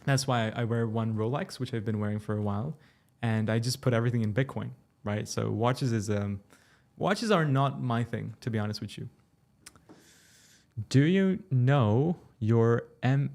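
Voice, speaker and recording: A young man from Turkey hosting a casual crypto livestream, reading chat questions aloud and answering them in a relaxed, chatty way. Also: mid-range voice, normal speed, vocal fry. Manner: relaxed, chatty, explains step by step.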